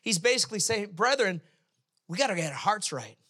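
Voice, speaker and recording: A man preaches with a high, bright voice that carries easily. His sermon is conversational and joking, and he slips into quick acted voices to make his points. He sounds like a pastor talking plainly to a congregation. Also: very animated, slightly rough.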